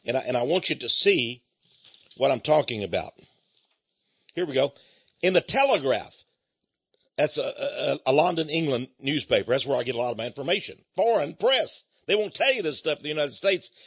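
An older man with a Texan accent, hosting a folksy, emphatic monologue that rises to loud peaks. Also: a little high, lively intonation, normal speed, slightly rough, no room sound. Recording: dull lo-fi recording.

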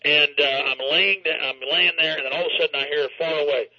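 A man's voice: fairly high pitch, steady tone, brisk, bright, forceful tone. A man telling a story dramatically and emphatically in an interview, over a dull lo-fi line. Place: New York.

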